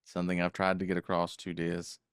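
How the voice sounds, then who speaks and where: A man's voice: deep voice, monotone, a little fast, smooth, no echo, studio quality. An older man co-hosting a podcast, joking in a folksy way and talking to his chat. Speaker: co-host. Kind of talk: casual podcast banter.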